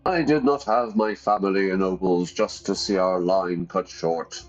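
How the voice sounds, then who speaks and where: A man's voice: low voice, measured pace, muffled recording, faint music behind. A man voicing the ghost of a stern noble male ancestor, speaking solemnly and demanding obedience from his descendants.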